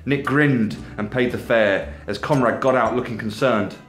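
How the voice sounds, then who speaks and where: Man narrating his novel, echoey room. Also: medium pitch. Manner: steady, measured narration. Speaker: author reading his own novel. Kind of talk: audiobook narration. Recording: echoey room, faint music.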